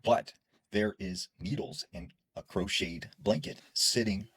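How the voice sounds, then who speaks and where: A man's voice: low-pitched, slow pace, slightly rough, no echo, poor audio. A man casually telling a spooky story in a chatty way, dropping filler words as he goes. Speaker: horror storyteller.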